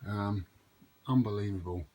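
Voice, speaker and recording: A man's voice: fairly low pitch, a little slow, warm tone. A man hosting a casual vlog in a home games room, bantering with a friend, swearing freely and gushing with enthusiasm. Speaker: vlog host.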